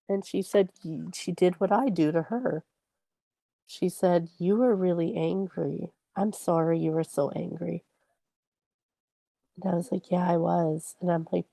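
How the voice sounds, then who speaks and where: A woman's voice: on the low side, creaky, warm tone, dry recording. A woman co-hosting a podcast, telling a personal parenting story in an earnest way. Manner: earnest storytelling, acts out her own quoted words. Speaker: podcast co-host. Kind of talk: casual chat.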